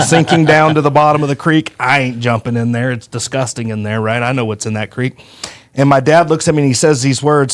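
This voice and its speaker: Man, podcast host, casual storytelling, folksy, animated. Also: medium pitch, brisk. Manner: folksy, animated, acts out quoted voices.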